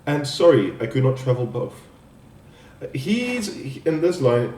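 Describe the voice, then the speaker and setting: A man presenting a spoken poem analysis as a student assignment, explaining in a halting way with restarts. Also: medium pitch, warm tone. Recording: echoey room, distant mic.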